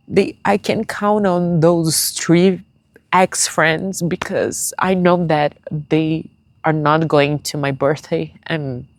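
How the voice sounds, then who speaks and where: A young woman talking to her viewers in a tearful personal vlog, halting and searching for words in English, which is not her first language. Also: deep voice, no echo. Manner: confiding, speaks straight to viewers. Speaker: vlogger.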